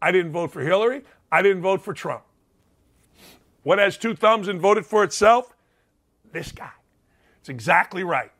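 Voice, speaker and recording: A man's voice: high-pitched, lively intonation, moderate pace, fairly bright tone. A middle-aged man from Indiana hosting a sports talk show, blunt and fired up, repeating phrases for emphasis. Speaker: sports radio host. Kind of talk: opinionated talk show monologue.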